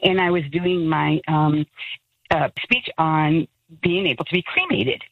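A woman's voice: low-pitched, fairly even intonation, measured pace, no room sound. Casting: female radio caller, rambling storyteller, dry muffled phone sound. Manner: rambling, self-deprecating storytelling. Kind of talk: radio call-in anecdote. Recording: dull lo-fi phone line.

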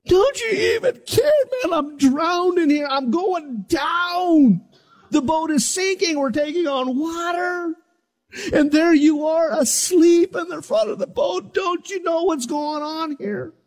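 A male preacher acting out a panicked disciple shouting and wailing in a sinking boat. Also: very high voice, slow, pitched above the performer's own voice, exaggerated voice.

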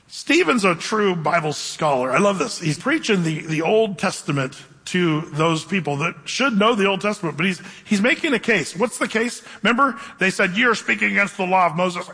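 A man's voice: high-pitched, lively intonation, moderate pace, bright, forceful tone, breathy edge, big-room sound. A man preaching a Bible teaching sermon in a conversational way, reading scripture aloud and asking the congregation questions. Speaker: pastor.

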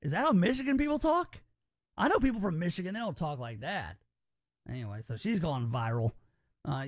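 An animated male talk radio host with a fairly high voice that moves a lot in pitch. He chats casually and wryly and stumbles over his words now and then. The sound is close and dry. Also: no room sound. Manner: animated, wry, with many restarts.

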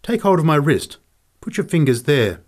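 A man's voice: on the high side, big pitch swings, moderate pace, pitched above the performer's own voice. A man voicing a little former prize fighter who is odd and insistent, in a storybook reading. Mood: eager.

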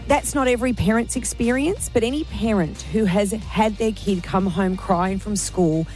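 A woman's voice: medium pitch, moderate pace, a little mellow, soft background music. An Australian woman hosting a radio show, talking earnestly and emotionally in run-on bursts. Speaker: radio host. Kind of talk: breakfast radio chat.

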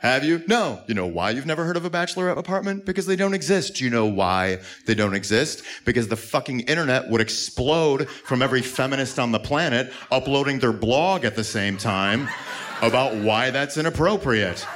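A man's voice: medium pitch, expressive, brisk, a bit bright. A male stand-up comedian telling a story in a mock-outraged, emphatic way.

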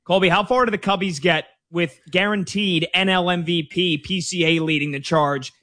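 A man's voice: sits high, steady tone, moderate pace, sharp tone, no room sound, studio quality. Breezy male radio sports host. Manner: breezy, plugging and joking. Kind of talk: casual radio sports talk.

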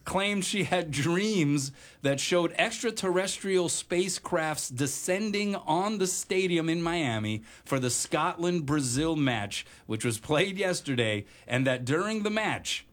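A man's voice: a little high, expressive, unhurried, hardly any pauses. Man co-hosting a chatty radio show. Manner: chatty, rambling with many fillers, laughs easily. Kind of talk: casual on-air banter.

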